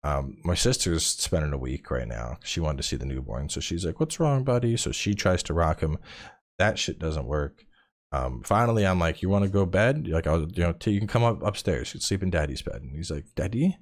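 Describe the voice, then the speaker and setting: Casting: man, 30s, very low voice with swooping, animated delivery; casual podcast guest who acts out his anecdotes. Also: brisk. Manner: animated storytelling, acts out quotes, swears casually. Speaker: podcast guest, game streamer. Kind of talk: casual chat.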